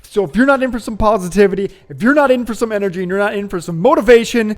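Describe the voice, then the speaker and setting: A man's voice: high-pitched, rapid-fire, hardly any pauses. A man hosting his own show, chatting in a playful, joking, upbeat way. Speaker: host. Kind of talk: casual vlog commentary.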